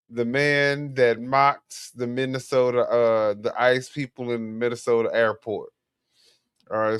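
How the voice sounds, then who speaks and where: A man's voice: mid-range voice, smooth, no echo, clean studio sound. A man hosting a casual talk show, chatty and laid-back, introducing topics. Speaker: podcast host. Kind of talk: casual chat.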